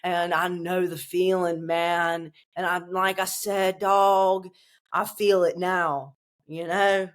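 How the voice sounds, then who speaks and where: A woman guest on an interview show, her voice sitting on the low side. She speaks slowly and emphatically, with a salty, streetwise edge. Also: level tone. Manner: profane, emphatic, streetwise delivery. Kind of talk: casual interview answers.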